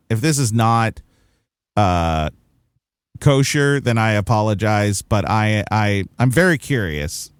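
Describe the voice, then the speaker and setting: A man's voice: medium pitch, clean tone, dry recording. A young man with a Californian accent, co-hosting a casual movie review podcast, rambling, laughing and swearing now and then. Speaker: podcast co-host.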